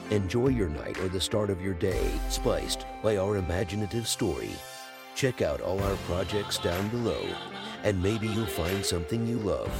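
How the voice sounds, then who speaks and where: A man reading a scripted podcast intro and sponsor message in a low, smooth promotional delivery. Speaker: podcast host. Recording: music bed behind voice.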